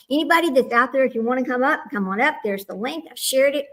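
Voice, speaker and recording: Woman livestream host, higher-pitched, chatty, talks straight to viewers, mutters asides. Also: fast, few pauses, a bit bright. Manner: flustered with tech, muttering asides. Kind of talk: casual livestream chat. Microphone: small microphone.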